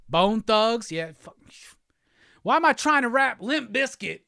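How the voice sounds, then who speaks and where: A middle-aged man hosting a casual live stream, excitedly rapping along to old songs and swearing as he chats. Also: very high voice, measured pace, vocal fry, smooth, no echo, clean studio sound. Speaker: host.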